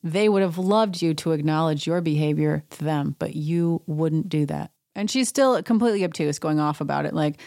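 A woman's voice: lowish voice, moderate pace, few pauses, a little mellow, dry recording, clean studio sound. A woman recapping a reality show at home, indignant and sarcastic, mocking the cast in put-on voices. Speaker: podcast recap host. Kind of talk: casual chat.

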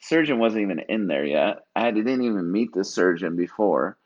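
A man's voice: lowish voice, lively intonation, normal speed. A man in his thirties, a guest earnestly telling a personal story in casual talk and acting out the dialogue. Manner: earnest, reenacts dialogue in voices. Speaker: guest, Marine Corps veteran. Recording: dull lo-fi recording.

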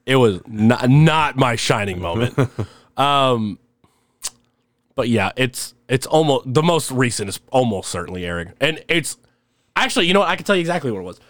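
A young man with a middle-pitched voice rambles through stories, laughing as he goes. He talks loosely and casually. The sound is close and dry, like a home podcast mic. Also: moderate pace, dry recording. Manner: rambling, laughs often, animated when telling stories. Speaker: podcast guest. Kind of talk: casual storytelling chat.

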